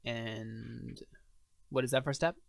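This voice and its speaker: A man's voice: mid-range voice, fairly even intonation, slow pace, gravelly, no echo. Man casually running a tabletop game. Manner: casual, hesitant with many fillers. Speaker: game master.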